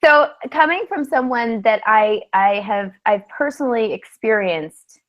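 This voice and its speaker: A woman's voice: on the high side, animated, dull audio. Thoughtful woman host asking questions. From New York. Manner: thoughtful, halting, searching for words. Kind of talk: interview questions.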